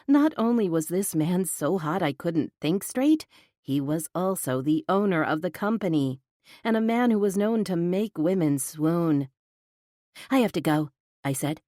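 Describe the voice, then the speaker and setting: A woman narrating a first-person romance audiobook with an expressive, flustered inner voice, close to the mic. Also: fairly low pitch, no room sound.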